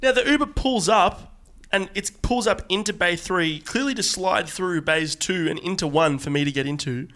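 A young man co-hosting a comedy podcast, telling stories in a casual, animated way that builds in excitement. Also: sits high, normal speed. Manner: animated storytelling, rising excitement. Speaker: podcast co-host.

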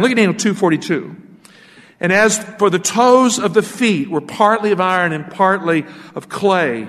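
A man's voice: high-pitched, fairly bright tone, big-room sound. A male pastor preaching a sermon, asking his listeners rhetorical questions as he teaches from scripture.

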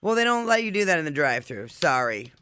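Male radio co-host, slightly high, bright voice, blunt wisecracking banter. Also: very animated, quick pace, smooth, no room sound, studio quality. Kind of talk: casual morning show banter.

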